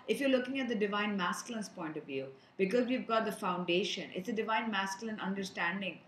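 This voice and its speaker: A woman's voice: mid-range voice, fairly bright tone, reverberant, low-quality recording. A woman giving an earnest spiritual energy reading, advising the viewers directly as she talks to them. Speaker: energy reader and healer.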